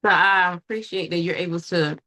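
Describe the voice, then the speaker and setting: A woman hosting a casual podcast conversation, talking earnestly and reflectively in quick bursts. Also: lowish voice, steady tone, pushed and bright. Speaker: podcast host.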